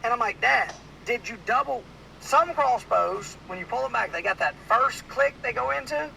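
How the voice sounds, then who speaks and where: A man from with a drawl tells a hunting story as host of a casual podcast, rambling and padding it with "like". His voice sits high, sharp and bright, with a gravelly edge. A faint hiss runs under the recording. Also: normal speed, rough recording. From Louisiana. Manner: rambling, animated storyteller with many "like"s.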